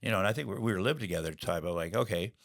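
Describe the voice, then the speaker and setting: A middle-aged man with a low-pitched, gravelly voice races through candid stories as a guest on an interview show. He rambles, full of fillers and restarts.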